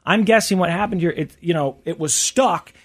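A man's voice: high voice, normal speed, husky. A man hosting a casual chat podcast, reading out news items and reacting. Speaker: podcast host.

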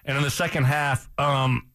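A man's voice: medium pitch, steady tone, a little slow, a bit bright, no room sound, studio quality. A man co-hosting a sports radio show, ranting in a heated way and repeating himself as he talks over a loss. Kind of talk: casual sports talk.

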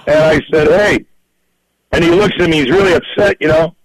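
A film director being interviewed, telling stories in a lively, animated way and laughing often. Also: male voice, fairly high pitch, brisk, low-quality recording. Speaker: film director and writer, guest. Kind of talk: storytelling in a podcast interview.

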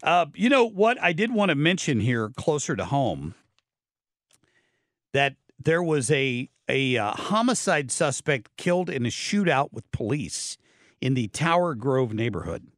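A blunt, sardonic man comments on the news on his opinionated talk radio show, stumbling through fillers and restarts. His mid-range voice swings widely in pitch and moves a little slowly. He's on a close studio microphone, and the recording is dry.

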